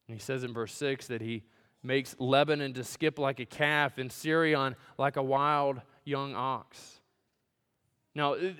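A man preaches a sermon in a church sanctuary, his smooth, resonant voice sitting a little high for a man. He builds to loud, emphatic peaks, then drops to a hushed, almost whispered delivery. A long reverb trails after his words. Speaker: pastor.

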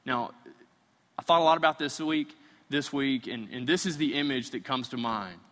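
A man's voice: mid-range voice, moderate pace, bright, forceful tone, long reverb tail. A man preaching a sermon in a conversational way, sometimes acting out imagined voices. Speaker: pastor.

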